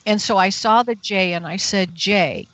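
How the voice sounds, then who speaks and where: A woman's voice: mid-range voice, normal speed, a bit bright, no room sound. A woman guest on a talk radio show, telling a personal story with animation and acting out her own frightened thoughts.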